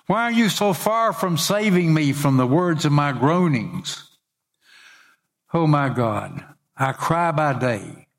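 A middle-aged male pastor preaching a sermon in an earnest way, reading scripture aloud and lifting his voice on the quoted cries. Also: fairly high pitch.

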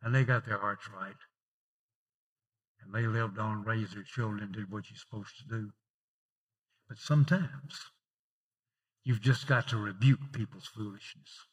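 A male pastor preaching a sermon in a conversational way, telling personal stories and swinging from emphatic lifts to softer asides. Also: fairly low pitch, fairly even intonation, a little slow, pauses often, breathy edge. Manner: rising emphatic openings then dropping softer.

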